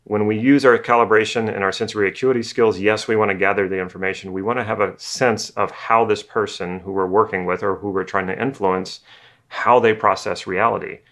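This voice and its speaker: A man with a somewhat low voice gives a relaxed video lesson on NLP. His delivery is conversational and unscripted, with restarts and repeated words. He sometimes slows right down to imitate how other people talk. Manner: casual, conversational, repeats himself as he thinks; acts out slow and fast talkers. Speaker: NLP teacher.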